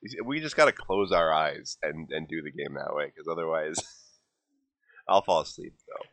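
A man playing a tabletop game, chatting casually and joking, quick to laugh. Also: a bass voice, no room sound. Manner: animated and jokey, laughs often. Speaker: player.

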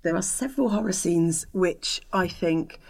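A woman's voice: fairly low pitch, a little slow, gravelly, a little mellow. A woman co-hosting a podcast, talking in a thoughtful, hesitant way with many fillers and restarts. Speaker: podcast co-host discussing film ratings. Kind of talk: casual podcast discussion.

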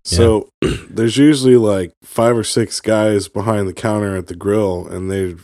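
A man co-hosting a podcast, talking in a relaxed, easygoing way and hedging his points. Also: on the low side, measured pace, dry recording, studio quality. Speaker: podcast co-host. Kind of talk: casual chat.

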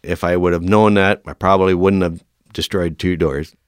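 A middle-aged man, a firefighter, telling lively stories in an interview and acting out the dialogue. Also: sits low, moderate pace, clear, resonant tone, dry recording, clean studio sound. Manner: animated storyteller, acts out quoted dialogue. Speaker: firefighter guest. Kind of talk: storytelling in an interview.

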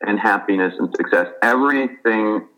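Man, very low voice, interview guest, measured, thoughtful. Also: bright, forceful tone, poor audio. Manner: thoughtful, measured, with fillers and restarts. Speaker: author and physician, guest. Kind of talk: interview conversation, storytelling.

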